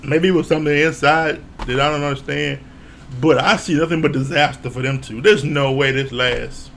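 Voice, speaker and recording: A man with a slightly high voice, casually recapping a reality show episode. He tells it loosely, with slang, swearing and the occasional chuckle, drifting from one couple to the next. There is a faint hum of room noise behind him. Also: steady tone, moderate pace, creaky, fairly bright tone. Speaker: reality TV reviewer.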